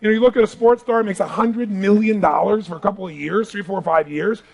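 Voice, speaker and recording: Booming gravelly motivational speaker man. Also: fairly quick. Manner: booming, animated, audience call-and-response. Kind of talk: live seminar talk. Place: large hall with audience.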